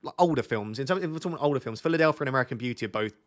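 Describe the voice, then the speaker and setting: A man's voice: medium pitch, lively intonation, very fast. A young man, chatting casually with viewers on a live stream, joking and thinking aloud as he reads their comments.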